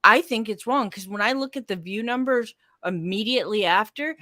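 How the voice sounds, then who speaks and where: A woman guest chats casually over a video call, animated and quick, full of fillers and restarts. Her mid-range voice sits close and dry, with no room sound around it. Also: mid-range voice, no echo. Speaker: podcast and radio host, guest.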